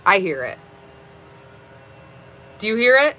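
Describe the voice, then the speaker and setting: A woman of about thirty livestreams from her phone, her voice bright and a little sharp yet mid-range and sing-song. She takes it slowly, rambling chattily and stringing thoughts together with constant "like"s.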